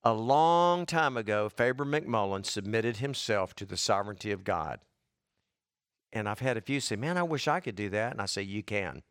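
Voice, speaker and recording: Folksy pastor preaching. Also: male voice, fairly low pitch, normal speed, a bit bright, smooth, no echo, studio quality. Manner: folksy, conversational preaching with rising emphasis. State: losing his voice and breath. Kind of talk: sermon.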